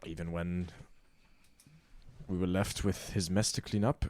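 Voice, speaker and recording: A man's voice: sits low, steady tone, unhurried, darkish tone. A man playing a tabletop game, bluntly arguing his case in character. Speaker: player.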